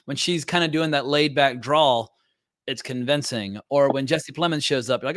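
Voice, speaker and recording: A man's voice: medium pitch, moderate pace, fairly bright tone, no echo, studio quality. A man hosting a casual film discussion, opinionated, asking questions and breaking off to restart sentences. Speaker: film podcast host.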